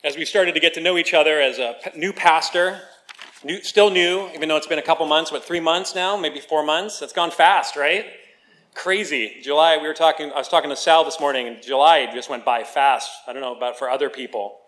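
A man, the pastor of a church, preaching a sermon. He reads scripture with slow, measured care, then talks casually with the congregation and jokes with them. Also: on the high side. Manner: reads scripture slowly, then chats with the congregation in a lively, joking way.

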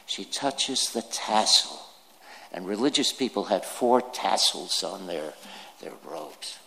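A man preaching a sermon, slow and deliberate, putting questions to his listeners. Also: low-pitched, lively intonation, creaky, pushed and bright. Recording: long hall reverb.

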